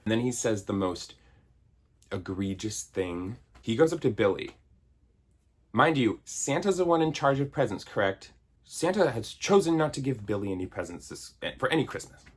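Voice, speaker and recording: Exasperated husky-voiced man ranting. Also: medium pitch, sing-song, moderate pace. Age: 30s. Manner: sarcastic, exasperated, swears, mimics characters in silly voices. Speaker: video essayist. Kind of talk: comedic movie review rant.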